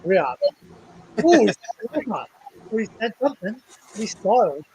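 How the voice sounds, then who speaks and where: A man's voice: high-pitched, sing-song, moderate pace, darkish tone, slight background noise. A young Australian man hosting a casual livestream chat, rambling and restarting his sentences often. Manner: rambling, stop-start with many restarts. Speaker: livestream host.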